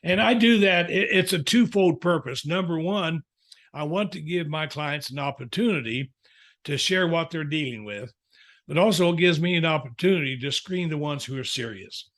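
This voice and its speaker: A man's voice: a little high, normal speed, fairly bright tone. A man, a counselor and author, telling folksy stories in a podcast interview. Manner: folksy storyteller, chuckling asides.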